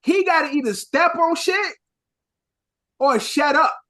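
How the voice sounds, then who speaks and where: A young man from Chicago co-hosting a podcast in casual chat, with a Chicago accent mixed with New York slang, talking in an animated, rambling way full of swearing. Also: very high-pitched, a little slow. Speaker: podcast co-host.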